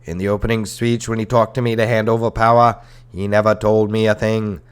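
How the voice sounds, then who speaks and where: A man doing a comedic impression of a 1960s president's accent on a history podcast, speaking slower and louder than his own voice. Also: lowish voice, flat delivery, smooth, natural voice. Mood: self-justifying.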